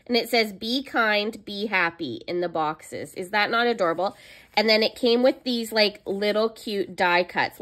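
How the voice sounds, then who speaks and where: Chatty young woman doing a sticker haul vlog, squeals at cute stuff, talks fast and loose. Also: medium pitch, fairly bright tone. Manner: gushing, chatty, squeals over cute items. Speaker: planner vlogger.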